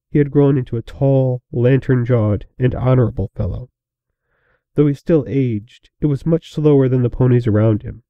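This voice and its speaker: Male storyteller, mid pitch, dull dry recording. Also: no echo. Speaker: narrator. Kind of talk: reading fan fiction aloud.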